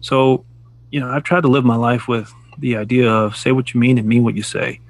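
Gravelly, husky middle-aged man musing. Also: mid-range voice, flat delivery, no room sound. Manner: reflective, measured storyteller who laughs at his own jokes. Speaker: podcast co-host. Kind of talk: casual chat.

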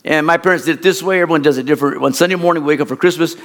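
Man, middle-aged pastor, fairly high voice, animated folksy storyteller, rambling sermon delivery. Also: very fast.

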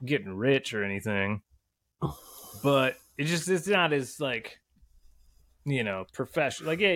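A young man talking loosely on a podcast, swearing freely and circling back on his thoughts. His voice sits at an ordinary pitch and sounds close and dry, with little room in it. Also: a bit bright, dry recording. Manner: profane, rambling, laid-back. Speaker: podcast guest. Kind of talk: casual chat.

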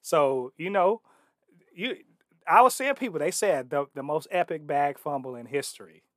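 A man co-hosting a casual chat, joking and excitable, swearing freely. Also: fairly high pitch, normal speed, no echo, studio quality. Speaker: podcast co-host.

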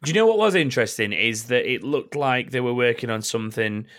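Male podcast co-host, mid pitch, blunt and sweary. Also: expressive, a little fast, a bit bright. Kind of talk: casual gaming chat.

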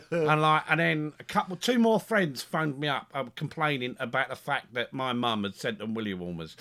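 A man telling a funny family story in a casual podcast chat, animated and chuckling, stumbling over his words as he gets excited. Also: medium pitch, moderate pace. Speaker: podcast co-host.

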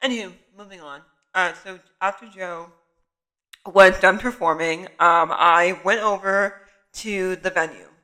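A young adult student photographer tells a story to the camera in a high, unhurried voice, though the audio is poor. He's chatty and animated in the retelling, with "like" sprinkled everywhere.

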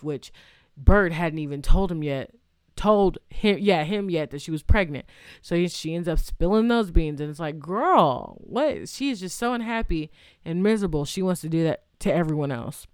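A woman's voice: fairly low pitch, expressive, normal speed, smooth, no room sound, studio quality. A woman casually retelling a movie's plot, rambling with fillers and restarts and reacting aloud to what happens. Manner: chatty, reacts aloud to the story. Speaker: movie recap vlogger.

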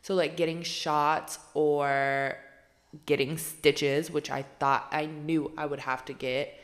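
A young woman hosting a podcast, telling a story from her own life in a loose, chatty way. Her voice sits low for a woman. She swears easily and leans on filler words. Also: slow. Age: 20s. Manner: chatty, animated, swears casually, lots of "like". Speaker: podcast host. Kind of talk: casual storytelling.

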